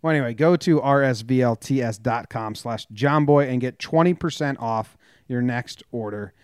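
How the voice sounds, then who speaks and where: A man's voice: medium pitch, normal speed, clean tone, dry recording, studio quality. A man co-hosting a casual sports podcast, joking and teasing his partner and reading an ad playfully. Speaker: podcast co-host.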